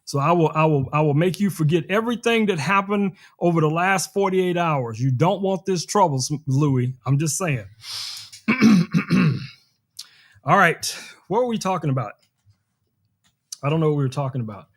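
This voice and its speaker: A man with a somewhat high voice hosts a live tech stream. He jokes around and talks straight to the people watching while he shows off gadgets, keeping the tone loose and animated. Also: moderate pace, long pauses. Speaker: tech livestream host. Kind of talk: casual live stream product demo.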